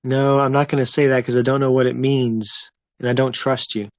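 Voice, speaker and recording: Male streamer, mid-pitch, easygoing rambling chat, dry close sound. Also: flat delivery, a little fast, no echo. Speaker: livestream host. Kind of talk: casual livestream chat with viewers.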